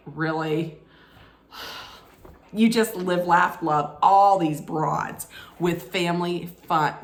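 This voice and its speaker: A woman whose voice sits on the low side takes her time recapping a reality show, sarcastic and casual, laughing at her own jokes. The recording has an echoey room sound.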